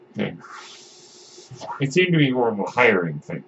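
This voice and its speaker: Very animated and mid-pitched, with vocal fry and a fairly bright tone, a man hosts a podcast at normal speed. His film commentary is loose and rambling, full of restarts and asides. The audio is dull, lo-fi, and faintly noisy.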